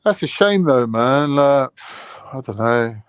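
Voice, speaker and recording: A man's voice: medium pitch, lively intonation, takes it slowly, clean tone, no echo. A young man, chatting in a laid-back way on a podcast panel and acting out family quotes. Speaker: panel guest. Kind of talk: casual chat. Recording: dry, dull lo-fi sound.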